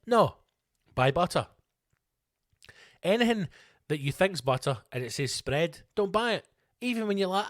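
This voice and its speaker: A man's voice: high voice, expressive, a little fast, a bit bright, no echo, studio quality. A man with a Scottish accent, hosting a solo podcast, ranting with lots of swearing and comic put-on voices. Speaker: podcast host.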